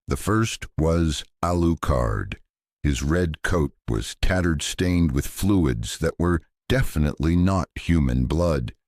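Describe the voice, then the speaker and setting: A man's voice: very deep voice, darkish tone, no room sound, studio quality. A man narrating a scripted sci-fi story in a grave, dramatic storytelling manner.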